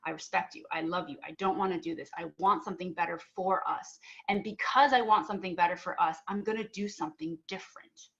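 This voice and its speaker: A woman's voice: fairly low pitch, fast, hardly any pauses, a little hiss or hum. Young woman telling a story on a panel, earnest, lots of um and like, kinda muffled call audio. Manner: earnest, animated, acts out both sides of arguments. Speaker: panel speaker.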